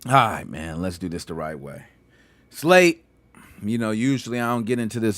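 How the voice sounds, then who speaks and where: Animated slangy man hosting a podcast. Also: fairly low pitch, normal speed, no echo. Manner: animated, slangy banter with frequent laughs. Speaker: podcast host. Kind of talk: casual gaming podcast chat.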